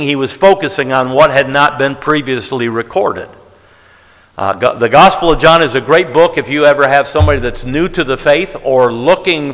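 A man teaches the Bible to a congregation in a plain, conversational way. His voice sits at an ordinary middle pitch. A long reverb from the hall trails after his words. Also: a bit bright. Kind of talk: sermon-style Bible teaching.

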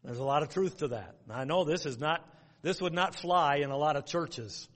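A man delivers a sermon in a plain, folksy manner, moving through lettered points and quoting old scripture. His voice sits a little high for a man. The sound carries a long reverb from the church hall. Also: moderate pace, a bit bright. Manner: folksy, outline-driven preaching with quoted scripture. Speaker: pastor.

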